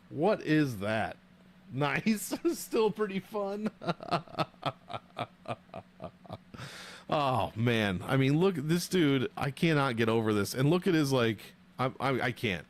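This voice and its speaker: A young man hosting a casual livestream, joking and swearing as he banters with viewers from a home streaming setup on a desk mic. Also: medium pitch. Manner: profane, joking, animated banter. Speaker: livestream host rating fighter nicknames.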